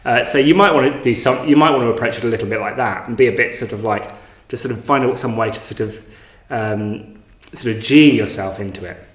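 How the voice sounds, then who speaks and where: A man's voice: mid-range voice, a little fast, roomy sound. A man giving an informal meditation talk, hesitant, with many fillers and restarts. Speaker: meditation teacher. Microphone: online class, home recording.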